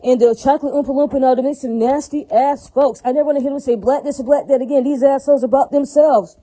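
Fast-talking woman in a profane monologue rant. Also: sits high, fairly even intonation, warm tone, low-quality recording. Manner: profane, repetitive, keeps asking "right?" and "does that make sense?".

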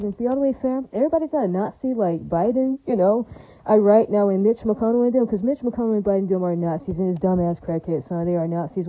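A woman with a warm, medium-pitched voice delivers a rambling, repetitive monologue straight to camera, packed with fillers and religious exclamations. Her manner is emphatic, and the recording is dry and poor in quality.

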